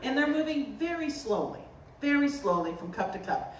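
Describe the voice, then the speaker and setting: A woman from the Boston area, a potter giving a humorous artist talk, telling stories in an animated, joking way. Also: high-pitched, normal speed. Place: lecture room at a festival. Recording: roomy, distant mic, faint noise.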